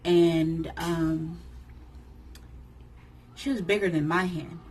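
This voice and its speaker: A woman in her thirties, a vlogger, telling a personal story to camera in an emotional, animated way, acting out what others said. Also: lowish voice, drawn-out words, a little hiss or hum, rough recording. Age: 30s. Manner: emotional, animated retelling that acts out others' lines.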